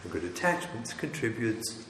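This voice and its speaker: A man's voice: medium pitch, big pitch swings, moderate pace, gravelly, a bit bright. A man, a rabbi, lecturing parents in an emphatic, wry, teasing way. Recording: echoey hall with faint noise.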